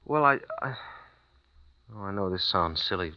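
A man's voice: deep voice, lively intonation, normal speed, bright, forceful tone, heavily acted. An actor playing an American writer traveling abroad with his wife, hesitant and stammering when he feels uneasy. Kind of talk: radio drama acting. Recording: dull lo-fi old recording.

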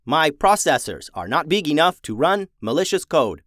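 A man voicing an old male farm repair robot that talks in halting, stuttering, simple phrases. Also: on the high side, big pitch swings, fairly bright tone, no room sound, studio quality, voice pushed up.

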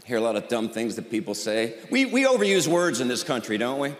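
A man's voice: medium pitch, sing-song, brisk, a little hiss or hum. A middle-aged man doing a stand-up routine in a folksy, mock-exasperated drawl, recorded live on a theater stage. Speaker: stand-up comedian. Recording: echoey live hall with audience.

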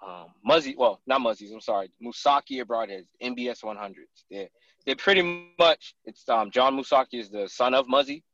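Male guest, animated storyteller in a casual chat; dry, slightly muffled recording. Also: mid-range voice, moderate pace, dry recording. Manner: animated storyteller who acts out others' lines. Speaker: podcast guest, hunter.

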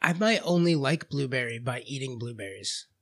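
A man's voice: medium pitch, expressive, moderate pace. A man co-hosting a podcast, chatting casually, laughing often and telling stories with quoted voices. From Florida. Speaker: podcast co-host. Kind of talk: casual chat.

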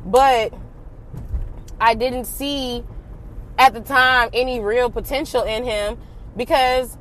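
A woman's voice: fairly high pitch, slow, a little hiss or hum. Candid young woman telling a story. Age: young adult. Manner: candid, animated, swears freely, slangy. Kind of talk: casual storytime.

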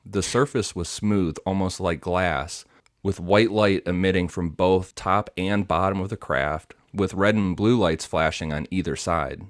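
Deep-voiced man narrating casually. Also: unhurried, no echo, clean studio sound. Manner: reads story details with asides and fillers. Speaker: podcast host telling the story. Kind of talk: casual storytelling from notes.

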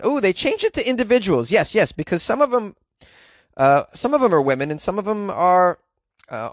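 A man's voice: a little high, no room sound, clean studio sound. A man hosting a podcast, reading news stories aloud and riffing on them with sarcastic, rambling asides and casual swearing. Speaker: podcast host.

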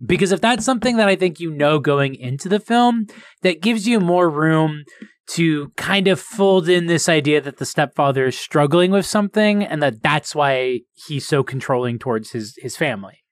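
Chatty, rambling man with a bright voice. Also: a little high, no room sound. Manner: rambling and animated, heavy with "like" and quick laughs. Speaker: podcast co-host reviewing films. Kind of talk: casual chat. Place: at home.

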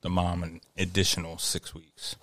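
A man with a very deep voice speaks briefly and plainly as a podcast co-host. The recording is dry and close. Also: monotone, normal speed, fairly bright tone, dry recording. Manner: brief, matter-of-fact. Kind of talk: casual chat.

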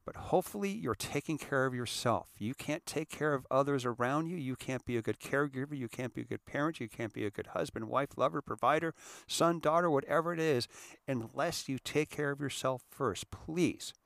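A man's voice: medium pitch, fairly quick, gravelly, a bit bright, no echo. A middle-aged man hosting a show, talking earnestly and emotionally, often repeating and restarting his words. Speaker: podcast host. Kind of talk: casual heartfelt monologue.

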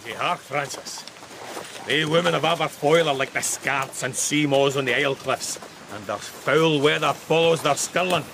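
Indignant Scottish magistrate; raised, gravelly voice, old hissy radio-drama sound. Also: male voice, a little high, moderate pace. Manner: indignant, lawyerly, blustering. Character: fussy Glasgow merchant and magistrate, indignant.

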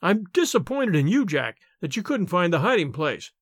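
Hearty old grandfather played by a man, jovial, high lively voice, dry sound. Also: moderate pace, no echo. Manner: chuckling, hearty.

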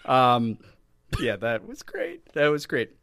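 A man's voice: medium pitch, takes it slowly, vocal fry, a bit bright, no echo, studio quality. A man co-hosting a casual sports podcast, talking in a joking, sarcastic way and laughing often. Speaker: podcast co-host.

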